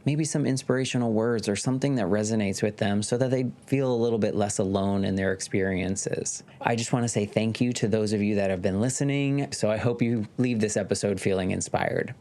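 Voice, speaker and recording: Earnest man hosting a podcast, lower-pitched delivery. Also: darkish tone. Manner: earnest, reflective. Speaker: podcast host. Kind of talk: scripted podcast introduction.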